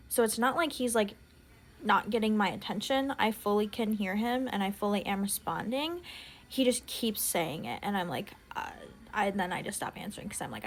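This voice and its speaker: A young woman vlogger telling a casual story about her dad, chatty and exasperated, full of "like" fillers. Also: mid-range voice.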